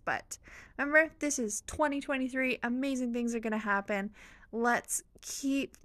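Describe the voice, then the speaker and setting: A woman's voice: on the high side, a bit bright, dry recording. A woman hosting a motivational podcast, speaking in an earnest, encouraging, faith-filled tone. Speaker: podcast host.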